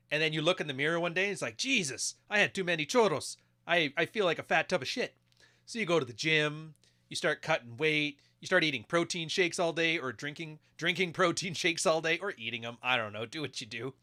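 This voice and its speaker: A man's voice: fairly high pitch, sharp tone. A man giving crude, mocking casual commentary while reacting to videos. He keeps acting out quoted voices.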